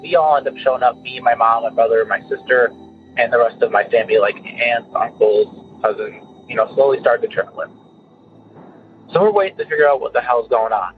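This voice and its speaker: A man's voice: medium pitch, fairly quick. A man from Illinois calling into a radio show, telling a story in a rambling way full of "uh" and "anyways". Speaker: caller. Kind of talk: casual storytelling. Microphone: telephone. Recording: tinny phone line with faint music.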